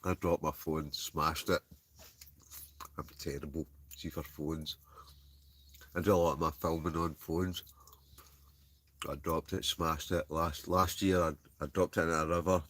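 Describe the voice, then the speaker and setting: Low-voiced Scottish man chatting live. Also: level tone, a little slow, pauses often, fairly bright tone. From Scotland. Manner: rambling, chatty, laughs often, restarts a lot. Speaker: wild camping livestream host. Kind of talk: casual chat reading live comments. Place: inside a heated tent with a stove.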